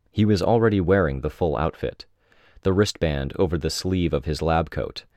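Brief: man, extremely low voice, measured audiobook narration, dry booth sound. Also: a little mellow, dry recording. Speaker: audiobook reader. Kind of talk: first-person audiobook narration.

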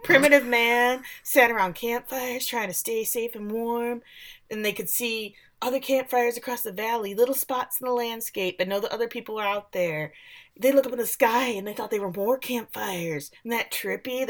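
A woman's voice: a little high, normal speed, voice pushed up, close to an everyday voice. A woman doing a dreamy, rambling young man.

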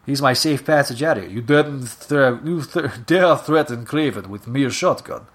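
A man's voice: medium pitch, lively intonation, normal speed, lightly acted. A man voicing a proud, theatrical male hunter villain who speaks in a grandiose way. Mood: haughty. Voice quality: grandiose, boastful manner.

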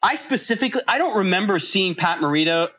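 A man's voice: high voice, expressive, quick pace, bright, forceful tone. An American man co-hosting a podcast, talking reflectively in casual chat and laughing readily. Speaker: podcast co-host.

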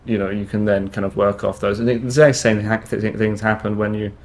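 A man talking in a casual interview, halting, with many restarts and fillers. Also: lowish voice, level tone. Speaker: guest musician.

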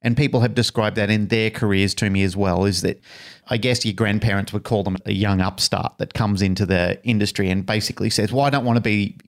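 Low-voiced man, reflective podcast talk. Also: fairly quick. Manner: reflective, acts out other people's voices with animated bursts. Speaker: podcast co-host, dog trainer. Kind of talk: casual conversational podcast chat.

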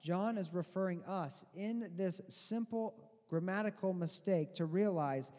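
A man preaching a sermon, teaching his congregation in an emphatic way and slowing down to stress key words. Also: high voice, darkish tone. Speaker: pastor. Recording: long hall reverb.

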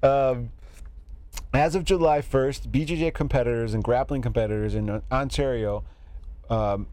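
A man's voice: medium pitch, normal speed, darkish tone, dry recording. A man hosting a podcast in casual chat, laughing often, rambling through news with fillers and swearing. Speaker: podcast host.

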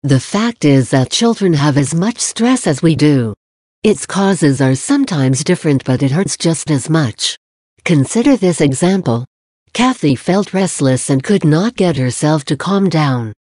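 A voice speaking as a friendly chipmunk narrator, giving calm, measured scripted narration. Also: mid-range voice, no echo, clean studio sound. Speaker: narrator of a parenting advice podcast.

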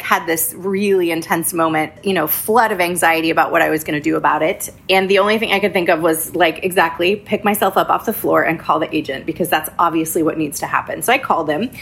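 A woman real estate agent telling a candid story in a casual podcast chat, animated and full of fillers. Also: on the low side, gravelly, slightly rough.

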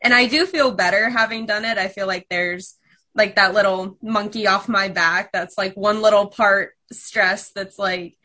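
Bright-voiced young woman reflecting hesitantly. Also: mid-range voice, steady tone, a little slow. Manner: reflective, hesitant, with many fillers. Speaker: guest. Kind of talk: casual chat.

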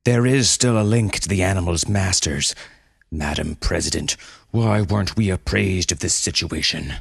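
A man's voice: deep voice, normal speed, creaky, slightly rough, no room sound, clean studio sound, exaggerated voice. A man voicing a cold, steely male government agent who talks with angry bluster in a told story. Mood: suspicious. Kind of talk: storytelling audio drama.

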